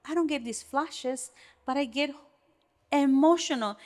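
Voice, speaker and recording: A woman co-hosting a podcast for child care providers, talking in an earnest, animated way with frequent restarts. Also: sits high, moderate pace. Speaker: podcast co-host. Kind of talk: casual podcast conversation.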